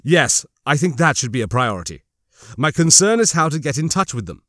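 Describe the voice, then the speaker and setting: A man voicing a calm male team leader who speaks formally and lays out plans in a measured way, in an audiobook. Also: fairly high pitch, no echo, studio quality.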